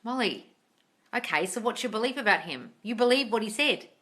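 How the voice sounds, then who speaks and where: Bright-voiced woman hosting a livestream. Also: on the high side, brisk. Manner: animated, swears freely, calls listeners darling. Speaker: host answering viewer questions. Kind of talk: livestream Q&A chat. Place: room at home with door open. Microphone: tablet.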